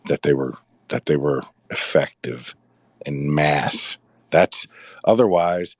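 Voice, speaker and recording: Deep-voiced rambling man, casual chat. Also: a little mellow, dry recording. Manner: rambling, repeats words, sighs.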